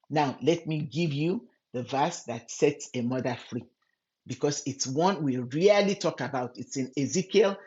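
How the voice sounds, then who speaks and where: A woman giving a gentle, earnest devotional Bible teaching, speaking directly to the listener as a friend. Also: low voice, highs cut off. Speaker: Christian women's ministry teacher.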